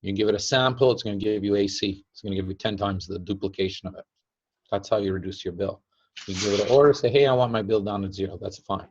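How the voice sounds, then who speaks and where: A man's voice: fairly low pitch, fast, a little mellow, a little hiss or hum. Man teaching in dull lo-fi sound. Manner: chatty, laughs often, acts out quotes. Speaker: teacher of a device-building group.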